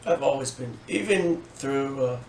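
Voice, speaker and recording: A man's voice: medium pitch, animated, unhurried. A man co-hosting a podcast, talking in casual chat in a hesitant way with frequent fillers. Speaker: podcast co-host. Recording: echoey room, distant mic, clear noise.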